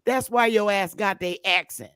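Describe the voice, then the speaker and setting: A woman's voice: mid-range voice, normal speed, fairly bright tone, clean tone, no room sound, clean studio sound. A woman hosting a talk show, ranting in a fiery, profane way during a casual chat. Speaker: host.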